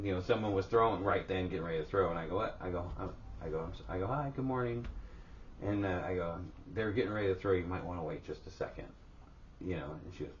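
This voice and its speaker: A man's voice: low-pitched, distant mic. A middle-aged man co-hosting a podcast with his wife, telling profane stories in casual chat. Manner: profane storytelling, swears freely. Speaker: podcast co-host. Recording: dull lo-fi sound with faint background hiss.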